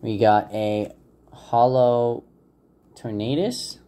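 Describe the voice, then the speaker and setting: A man hosting a casual card-pack opening video, talking in a relaxed, hesitant way with frequent fillers and unsure pronunciations. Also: medium pitch, drawn-out words, clear, resonant tone. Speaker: channel host opening trading card packs. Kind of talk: casual unboxing commentary.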